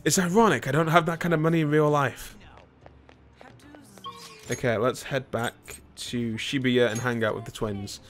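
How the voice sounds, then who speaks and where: A man's voice: mid-range voice, fairly even intonation, normal speed, pauses often, soft background music. Rambling British man streaming a game. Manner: rambling, self-mocking, talks to chat. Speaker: gaming streamer. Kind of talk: casual let's-play commentary.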